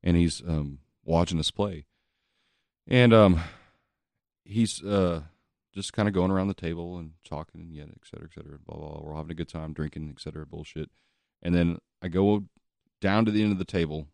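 A man's voice: deep voice, brisk, gravelly, a little mellow, dry recording. A man telling a long bar story in casual chat, profane and laughing often as he rambles.

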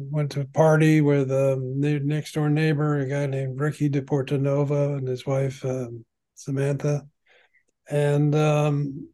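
An older man, a veteran padel player, tells long stories in an unhurried, rambling way, full of ums and restarts. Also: fairly high pitch, dark tone. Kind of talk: conversational storytelling.

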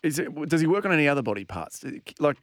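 A man's voice: a little high, very animated, quick pace, dry recording. An Australian man co-hosting a sports podcast, easygoing, reading out stats with joking asides. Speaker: podcast co-host. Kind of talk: casual sports chat.

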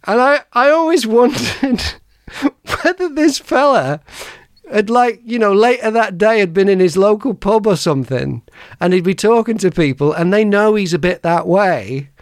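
Chatty man, slightly higher voice, dry sound. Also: expressive, moderate pace, no room sound. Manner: rambling anecdotes with frequent restarts and laughs. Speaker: podcast host. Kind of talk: casual chat, personal storytelling.

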